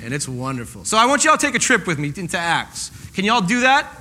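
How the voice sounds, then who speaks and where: A man's voice: high-pitched, sing-song, fast talker, pushed and bright, a little hiss or hum, rough recording. A man preaching a sermon to a congregation, joking and acting out the voices of the people in his story. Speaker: pastor. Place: church hall with a congregation.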